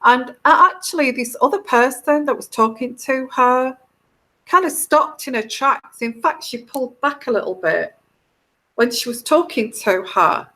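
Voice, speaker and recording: A woman's voice: on the high side, sharp tone. A woman hosting a live stream as a tarot reader, talking heartfelt and rambling to her viewers, often restarting her sentences. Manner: rambling, heartfelt, with frequent restarts and put-on quoted voices.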